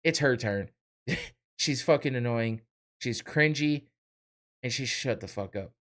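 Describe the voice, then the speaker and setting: A man's voice: mid-range voice, a little slow, fairly bright tone. A man hosting a podcast, ranting heatedly with blunt swearing and short laughs. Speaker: podcast host. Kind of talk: heated profane rant.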